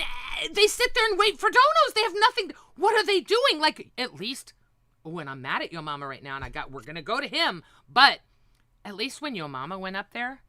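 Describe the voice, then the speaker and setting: A woman holds forth on a livestream, her voice very bright and lively as it climbs into outraged shouts. She swears freely and keeps tearing into people. The sound is dry and close. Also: high-pitched, dry recording. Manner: profane, ranting, swings to shouting. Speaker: livestream host. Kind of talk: heated livestream rant.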